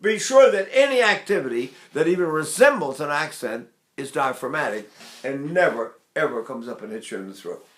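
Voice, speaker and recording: A man's voice: medium pitch, lively intonation, moderate pace, fairly bright tone, echoey room. An older male voice teacher giving a rambling, chatty lesson on singing technique, often breaking into short sung vowel demonstrations.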